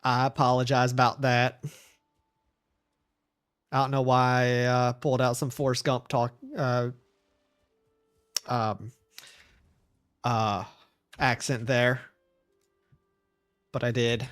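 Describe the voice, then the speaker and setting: A man streaming a video game, chatting in a casual, rambling way and talking softly to his pet. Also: medium pitch, little pitch movement, slow pace, pauses often, smooth, faint music behind. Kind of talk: casual chat while gaming.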